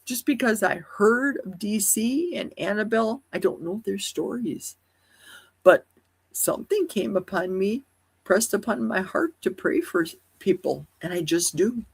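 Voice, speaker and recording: Woman livestream host, husky high voice, rambling musings full of rhetorical questions. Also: lively intonation, measured pace. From Wisconsin. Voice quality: high, youthful-sounding voice. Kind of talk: casual solo livestream chat. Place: at home in a forest.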